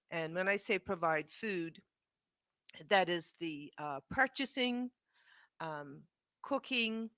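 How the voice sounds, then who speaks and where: A woman's voice: fairly low pitch, a bit bright, no room sound, studio quality. A woman with a Bermudian accent, a charity's executive director, speaking off the cuff at a press conference. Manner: unscripted, fillers and restarts.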